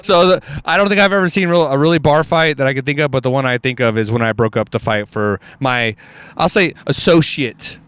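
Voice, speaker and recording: A man's voice: mid-range voice, fairly quick, clean tone. Man telling a wild comic story. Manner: animated, swearing, laughs often, jumps into loud shouted impressions. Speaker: guest comedian.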